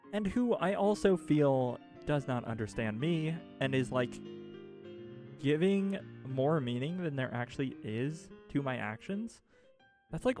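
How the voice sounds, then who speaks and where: A man streamer venting to chat in a rambling, exasperated way, swearing often and laughing mid-sentence. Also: mid-range voice. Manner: rambling with restarts and filler. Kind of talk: casual ranting chat.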